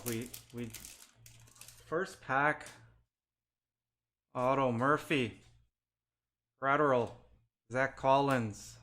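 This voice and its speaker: A man with a medium-pitched, slightly bright voice hosts a live-stream pack opening, announcing player names one after another as he opens packs and chatting with viewers.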